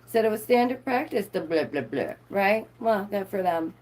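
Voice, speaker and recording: A woman's voice: medium pitch, normal speed. Woman on a live stream, sassy and bubbly, tossing jokes at her chat. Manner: animated, playful, sarcastic asides. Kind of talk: casual live-stream commentary.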